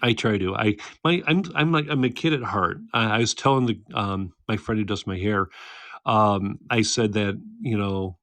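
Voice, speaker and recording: A chatty man in his thirties hosts a relaxed livestream, reading out viewer comments and teasing them with frequent laughs. His voice sits low, and the sound is dry and close to the mic, as if recorded at home. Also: normal speed, no room sound. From United States. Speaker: livestream host. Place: home, indoors, by a candle.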